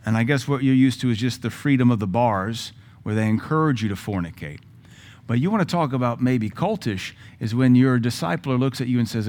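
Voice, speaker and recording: A pastor preaching a sermon with a Southern American accent, blunt and sarcastic, acting out quotes. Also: male voice, mid-range voice, animated, a little fast, a little mellow.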